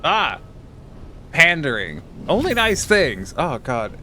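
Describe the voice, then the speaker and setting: Tired, bright-voiced male streamer. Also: a little high, huge pitch swings, takes it slowly, a little hiss or hum. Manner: tired, rambling, teasing chat readers. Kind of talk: casual live stream chat.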